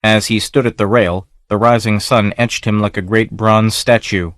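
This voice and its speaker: A man reading an adventure story aloud in a measured, even narration. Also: on the low side, no room sound, studio quality. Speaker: audiobook narrator. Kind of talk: scripted narration.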